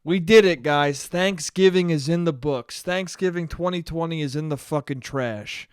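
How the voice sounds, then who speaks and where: A man's voice: on the high side, normal speed, clean tone, no echo. A man hosting a casual comedic podcast monologue, talking in a rambling, profane, self-deprecating way into a close mic. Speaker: podcast host.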